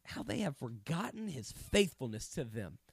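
A man leading a casual Bible study, explaining verses in a conversational, animated way. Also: medium pitch, normal speed, creaky, breathy edge, no echo. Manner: conversational, animated, paraphrases scripture in everyday speech. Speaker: Bible teacher.

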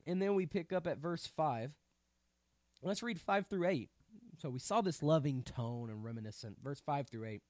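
A man leading a casual Bible study, explaining verses in a conversational, animated way. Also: fairly high pitch, moderate pace, no echo, clean studio sound. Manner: conversational, animated, paraphrases scripture in everyday speech. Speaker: Bible teacher.

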